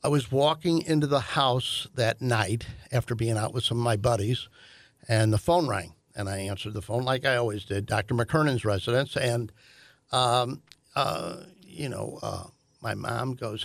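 An older man, telling a family story in a halting way with many fillers and restarts. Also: mid-range voice, gravelly, dry recording. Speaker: guest, host's father. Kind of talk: conversational storytelling.

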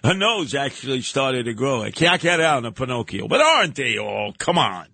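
A man's voice: mid-range voice, very animated, moderate pace, vocal fry, bright, forceful tone, breathy edge, no echo. A man hosting a talk radio show, delivering a blustery, sarcastic, mocking monologue into a studio microphone.

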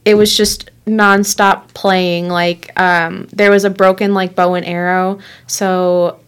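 A woman's voice: fairly low pitch, little pitch movement, slow pace, clear, resonant tone. A woman in her twenties chatting casually as a podcast co-host, rambling with lots of filler words. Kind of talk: casual chat.

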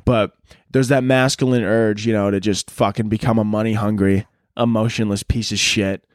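A man's voice: fairly low pitch, steady tone, normal speed, no room sound, studio quality. A young man hosting a solo podcast, ranting and joking in a profane, rambling way and slipping into silly voices. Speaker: podcast host. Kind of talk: solo comedic podcast rant.

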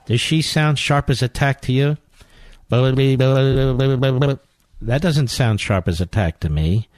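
A man's voice: medium pitch, takes it slowly, no echo, studio quality. A man hosting a political talk radio show, commenting in a sarcastic, mocking way and breaking into exclamations.

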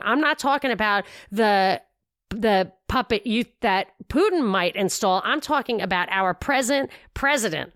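A woman hosting a podcast, chatting casually and retelling a story with lively quotes. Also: on the high side, a little slow, dry recording. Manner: animated retelling, quoting others, frequent laughs. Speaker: podcast host. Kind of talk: casual commentary chat.

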